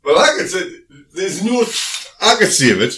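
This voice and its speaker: A man's voice: sits high, very animated, normal speed, bright, forceful tone. Laughing, teasing South London man. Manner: jokey and teasing, laughs often. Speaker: podcast co-host, radio presenter. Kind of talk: casual chat. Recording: roomy, distant mic, faint noise.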